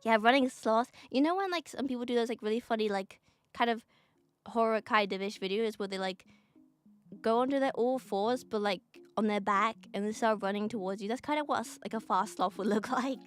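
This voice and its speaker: A young woman streams in a neutral British accent, her voice sitting a little high as she rambles, giggles and swears offhand while drawing. Soft music plays faintly under her talk. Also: a little fast, smooth.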